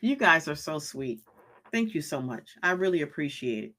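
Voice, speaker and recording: Female live-stream host, preachy and repetitive, bright, forceful tone, reads the chat aloud. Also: low-pitched, very animated, normal speed. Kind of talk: motivational live-stream talk.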